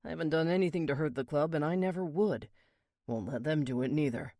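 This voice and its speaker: A man voicing a rough, blunt male biker who swears and growls his words, in an audiobook. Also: brisk, dark tone, dry recording, studio quality, natural voice. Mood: defiant. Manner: crude, swearing, low growl. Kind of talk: audiobook character reading.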